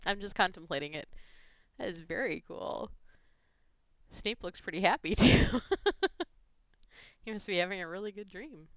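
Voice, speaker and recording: A woman's voice: mid-range voice, normal speed, long pauses, dry recording. A woman chatting casually on her vlog, giggling often and gushing emotionally. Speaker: fan fiction vlogger. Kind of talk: casual chat reading gifts.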